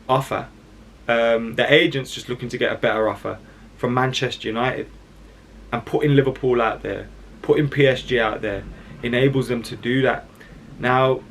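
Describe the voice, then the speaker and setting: Young guy doing football reaction chat, opinionated and animated, mid pitch. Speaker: football channel host. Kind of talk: casual reaction commentary.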